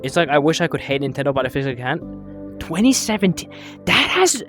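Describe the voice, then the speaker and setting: Young streamer, casual rambling banter with chat, animated pitch, slightly winded, faint background music. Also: fairly quick. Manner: rambling, swears often, reads and answers chat. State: out of breath.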